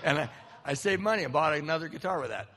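A man in his fifties from Southern California, speaking at a recovery meeting and telling a personal story in an animated, self-mocking way. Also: a little high, quick pace. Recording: reverberant hall.

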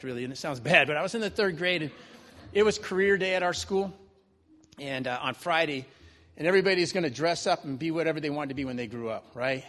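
The long reverb of a big hall surrounds a man telling a live audience about something from his own life. He's conversational and keeps throwing in "right?", and his voice is fairly high pitched and a bit bright.

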